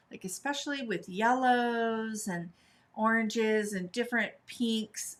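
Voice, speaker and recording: A woman's voice: medium pitch, fairly bright tone. A woman hosting a live craft tutorial, talking chattily and upbeat as she demonstrates, now and then breaking into a sing-song voice.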